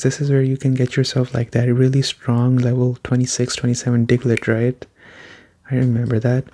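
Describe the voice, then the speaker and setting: A man giving soft-spoken ASMR gameplay commentary, with casual joking asides and a voice going hoarse. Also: medium pitch. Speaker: let's play host.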